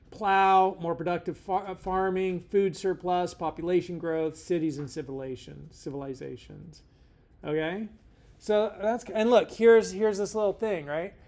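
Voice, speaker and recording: A man's voice: high voice, steady tone, a little slow, a little mellow. A middle-aged man teaching a casual lecture in a rambling, joking way, full of slangy asides. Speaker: instructor.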